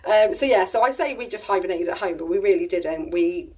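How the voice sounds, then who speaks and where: Chatty English mum, husky voice. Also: female voice, on the low side, animated, fairly quick, darkish tone. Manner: chatty, rambling, exasperated asides. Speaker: family vlogger. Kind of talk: casual storytelling to camera. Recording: voice a little distant from the mic.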